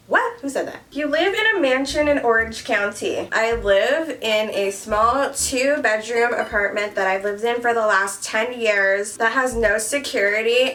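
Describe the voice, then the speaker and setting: A beauty vlogger in her thirties with a Canadian accent jokes her way through a makeup tutorial, playful and animated. Her voice sits on the high side and is recorded from a distance.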